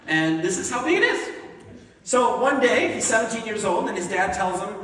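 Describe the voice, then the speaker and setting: A man preaching a lively, conversational sermon, joking and acting out the characters as he tells the story. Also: high-pitched, fairly quick. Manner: animated and jokey, acting out voices, laughs often. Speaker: pastor. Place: church sanctuary. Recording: echoey hall, distant mic.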